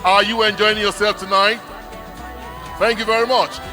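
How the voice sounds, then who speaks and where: A man emcees a live show with a high, bright voice and a cheerful tone, working the crowd. His voice echoes through a large hall. Music sits faintly underneath. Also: little pitch movement, moderate pace. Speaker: event host.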